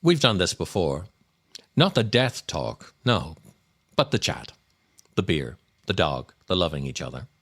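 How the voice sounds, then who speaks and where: Man, podcast host, reads his own essays, lowish voice, lively swooping delivery, wry, unhurried. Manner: wry, dry humor.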